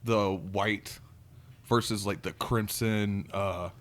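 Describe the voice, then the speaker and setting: A man's voice: fairly low pitch, fairly even intonation, slow, fairly bright tone. A man chatting casually as a podcast co-host, laid-back and chiming in briefly. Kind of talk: casual chat.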